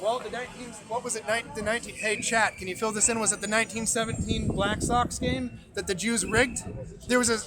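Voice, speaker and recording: A man giving a loud, emphatic political speech outdoors on a street, his voice strained. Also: sits high, steady tone, a little fast. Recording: crowd noise behind an outdoor stream.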